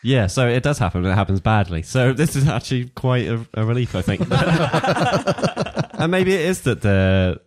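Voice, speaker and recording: A man's voice: mid-range voice, expressive, normal speed, darkish tone. A man hosting a podcast, talking thoughtfully and casually about an episode, with hesitant restarts. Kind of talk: casual review chat.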